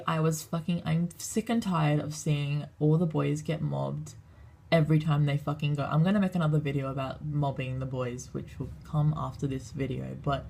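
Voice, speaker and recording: A teenage girl vlogging in an excitable, rambling way, swearing freely and tripping over her words. Her voice sits low and has a gravelly, husky edge. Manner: excitable, swears a lot, fast rambling with many fillers. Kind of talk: casual storytime vlog.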